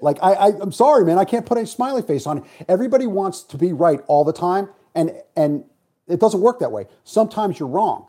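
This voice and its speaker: A man's voice: sits high, brisk. A middle-aged man telling stories in casual talk, blunt and profane. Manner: blunt, profane, animated storyteller. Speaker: podcast guest. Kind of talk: casual storytelling chat.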